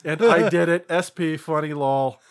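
A man's voice: on the high side, fairly even intonation, moderate pace. A man co-hosting a podcast in casual chat, laughing and swearing as he goes. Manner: laughing, profane banter. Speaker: podcast co-host.

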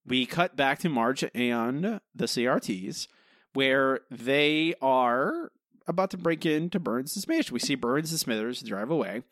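A man with a mid-range, slightly bright voice co-hosts a podcast, heard in studio quality with no echo. He critiques an episode through rambling, casual talk riddled with fillers and restarts.

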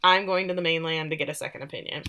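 Bright-voiced woman recapping animatedly. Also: deep voice, rapid-fire, clean tone. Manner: animated storytelling, acts out quotes with laughs. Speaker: podcast co-host recapping a show. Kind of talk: casual chat, animated recap.

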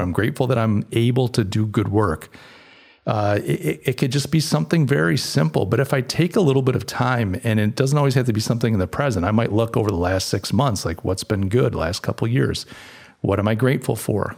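A man's voice: medium pitch, a little fast, creaky, darkish tone. A middle-aged man hosting a podcast, talking through his thoughts in a casual, reflective monologue with frequent fillers and restarts. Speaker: podcast host.

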